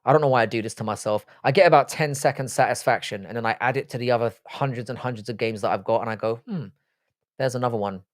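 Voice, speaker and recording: A man's voice: medium pitch, fast, dry recording, studio quality. A man hosting a livestream in a casual, offhand and profane way, reading chat messages aloud and replying to them. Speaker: livestream host.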